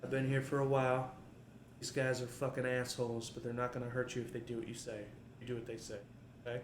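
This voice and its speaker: A man voicing a weary female prisoner who urges a newcomer in a hushed way. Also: mid-range voice, completely flat delivery, fast, slight background noise, close to an everyday voice. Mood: urgent. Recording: roomy echo.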